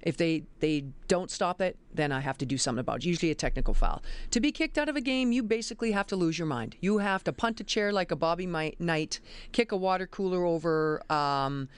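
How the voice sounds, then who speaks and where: A middle-aged woman, a college basketball referee, telling lively stories in an interview. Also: lowish voice, a little fast, smooth. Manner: animated, emphatic storyteller. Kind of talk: interview storytelling.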